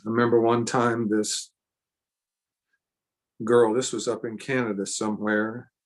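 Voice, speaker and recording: Slow, earnest male seminar preacher. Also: on the low side, level tone. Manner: earnest, emphatic, repeats phrases for stress. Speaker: seminar speaker. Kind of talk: sermon-style teaching seminar.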